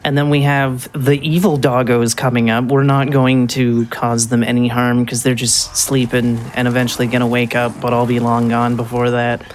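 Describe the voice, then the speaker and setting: A speedrunner talks through a live run in a casual, rambling way, stopping and restarting with plenty of ums. The pitch sits in an ordinary middle range, with a faint hum of noise behind. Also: little pitch movement, moderate pace, hardly any pauses. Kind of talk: live gameplay commentary.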